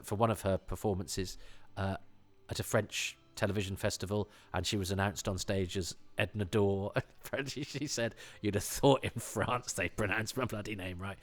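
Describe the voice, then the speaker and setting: A man from England hosting a podcast, talking casually on his own, rambling with many restarts and enthusiastic asides. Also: on the low side. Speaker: podcast host. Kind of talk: casual solo commentary.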